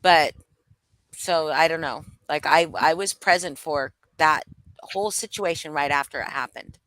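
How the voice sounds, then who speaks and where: A woman's voice: sits low, measured pace, fairly bright tone. A young adult woman co-hosting a casual gossip livestream, blunt and rambling, swearing freely and restarting her sentences. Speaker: livestream co-host. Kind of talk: casual gossip commentary chat.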